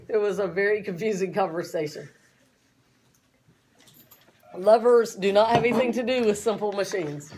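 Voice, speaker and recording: A woman's voice: on the high side, moderate pace, a little mellow. A woman teacher giving a chatty classroom lecture, often asking her students questions.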